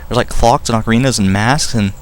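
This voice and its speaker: A man's voice: medium pitch, fast talker, a little hiss or hum. A young man commenting on a game casually, rambling, joking and swearing. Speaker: let's player.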